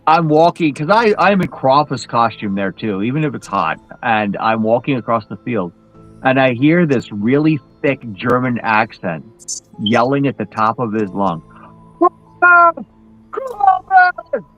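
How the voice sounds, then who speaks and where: A man chatting casually on a live show as a guest in Krampus costume, telling animated stories with many restarts. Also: medium pitch, normal speed, dull audio, faint music behind. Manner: animated, acts out quoted voices, many restarts.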